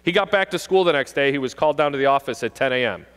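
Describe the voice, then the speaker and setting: A man in his forties, a police officer, giving a joking, animated talk to kids and parents at a school assembly. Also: medium pitch, rapid-fire, clean tone. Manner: jokey, animated, acts out kids' voices. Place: school gym or auditorium. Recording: long reverb of a large hall.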